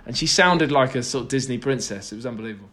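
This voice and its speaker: A man's voice: mid-range voice, fast, a bit bright. A young man, a podcast guest, telling stories in a rambling, self-deprecating way with lots of restarts. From Britain. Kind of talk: casual chat.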